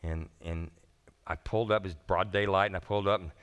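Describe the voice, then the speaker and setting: A man preaching a sermon as pastor, animated and folksy, talking casually to his congregation. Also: low voice, a little fast, clear, resonant tone.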